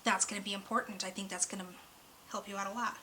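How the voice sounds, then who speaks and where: A woman's voice: medium pitch, fairly even intonation, quick pace, pushed and bright, a little hiss or hum, low-quality recording. A woman giving a weekly oracle card reading, talking earnestly and a bit ramblingly, openly emotional, her voice close to cracking. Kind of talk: spiritual card reading monologue.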